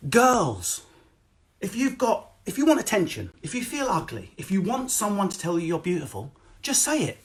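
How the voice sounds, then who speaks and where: A male comedian, ranting through a streamed stand-up set with a slightly high voice. He swings from loud, sweary bursts to quick asides and low mutters. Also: huge pitch swings. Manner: loud, sweary, rapid comic rant with sudden drops to mutters. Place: at home, no audience.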